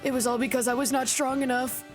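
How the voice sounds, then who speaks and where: A woman streamer voicing an old male ambassador with a gentle, self-blaming voice while reading game dialogue aloud. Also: high voice, level tone, fast talker, music in the background, voice pushed up, natural voice. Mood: apologetic.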